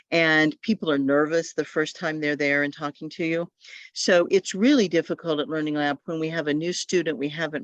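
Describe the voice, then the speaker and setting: In a teacher-training session for adult language instructors held over video call, a woman with a low voice often performs sounds and models student speech. The recording is dull, dry video call audio.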